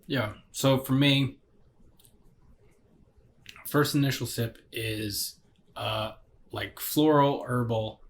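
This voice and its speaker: A man's voice: mid-range voice, fairly even intonation, slow, long pauses, a little hiss or hum. A man in a casual tasting chat, reviewing a beer while he rambles and searches for words.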